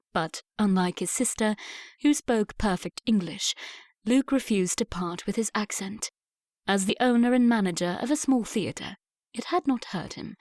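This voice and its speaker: A female audiobook narrator reads a novel in scripted narration, measured and even. Her mid-range voice is recorded with studio quality and no echo.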